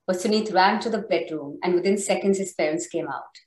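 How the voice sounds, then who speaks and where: A woman author reading her memoir aloud in a measured, somber way. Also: lowish voice, reverberant, rough recording. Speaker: author guest.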